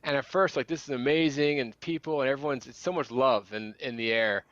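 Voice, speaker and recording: A man's voice: mid-range voice, fairly quick, a bit bright, no echo, dull audio. A man with a Philadelphia accent, chatting easily and telling rambling stories as co-host of a livestream. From Philadelphia area. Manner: rambling, easygoing, storytelling. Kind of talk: casual chat over drinks.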